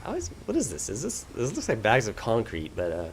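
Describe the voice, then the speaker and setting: A man chatting casually while playing a video game, relaxed and laughing easily. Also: medium pitch, quick pace, a little hiss or hum. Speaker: game streamer. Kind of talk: casual let's play commentary.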